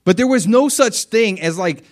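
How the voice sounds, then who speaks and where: A man's voice: high-pitched, normal speed. A man preaching a sermon in a conversational way, acting out bits of dialogue as he teaches. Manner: conversational, animated, acts out dialogue. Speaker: pastor.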